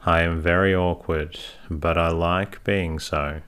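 A man narrating a first-person story as an audiobook, in a measured, unhurried way. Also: low voice, fairly even intonation, a bit bright, clean tone.

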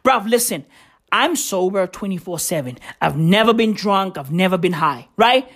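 A woman's voice: mid-range voice, expressive, moderate pace. Swearing, rowdy woman podcast host. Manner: profane, rowdy, loud and laughing. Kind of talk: comedic podcast rant.

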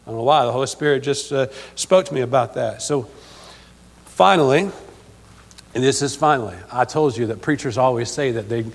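A man's voice: mid-range voice, brisk, creaky. A man preaching a sermon to a congregation, emphatic and repetitive, often checking in with them. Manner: emphatic, repeats himself, asks congregation for amen. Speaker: pastor. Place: church. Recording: long hall reverb.

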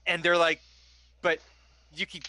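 A man's voice: on the high side, little pitch movement, a little slow, pushed and bright. Rambling man narrating a tabletop game. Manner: rambling, lots of "like" fillers. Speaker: game master.

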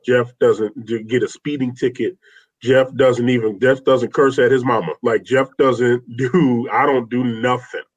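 A man's voice: medium pitch, fairly even intonation, a little slow. A man talking as an interview guest, telling personal stories in an earnest, rambling way with many restarts. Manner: heartfelt, rambling with restarts, says "man" often. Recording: slightly dull lo-fi sound.

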